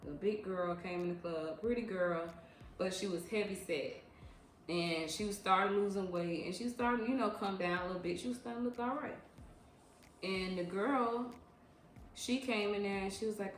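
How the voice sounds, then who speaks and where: A woman's voice: mid-range voice, a little hiss or hum. A woman in her thirties telling casual story-time tales in a frank, emphatic way, with slangy repeats for emphasis. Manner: slangy, drawn-out repetitions. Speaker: vlogger recounting her years as a club dancer. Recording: echoey room with faint ambience.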